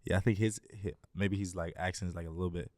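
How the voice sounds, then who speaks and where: A young man in his twenties from Greece, speaking with an American accent as a guest in a casual interview, laid-back and filling pauses with "um" and "like". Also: sits low, steady tone, darkish tone, no echo, clean studio sound. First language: Greek. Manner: laid-back, many fillers like "um" and "like". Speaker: guest, basketball player.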